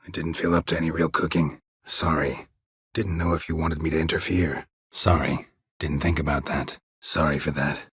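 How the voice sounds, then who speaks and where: A weary monster hunter from a video game, his voice extremely deep and heavily husky. He speaks in short, clipped phrases with a flat, laconic calm. The recording is dry and close, with no room sound. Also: moderate pace, dry recording, full character voice. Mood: curt. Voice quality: very husky, low gravelly voice. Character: gruff middle-aged male monster hunter, terse and weary. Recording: dry studio booth.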